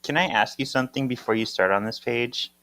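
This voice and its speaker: A man's voice: medium pitch, a little fast, bright, forceful tone. A man co-hosting a podcast, chatting casually and reading comic dialogue aloud with playful voices. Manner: reads lines with playful character voices. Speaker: podcast co-host.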